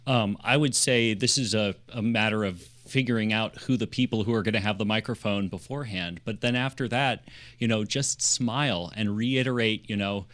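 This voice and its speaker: A man on a video call answering questions as a panelist, relaxed and conversational. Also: lowish voice, moderate pace. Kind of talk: casual panel discussion.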